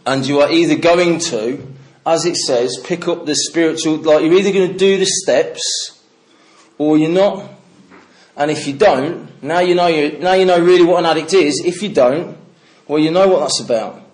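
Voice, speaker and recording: A man's voice: on the high side, moderate pace, a little mellow. A middle-aged man from the English Midlands giving a candid personal recovery talk to a meeting, swearing freely and telling stories with laughter. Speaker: recovery speaker.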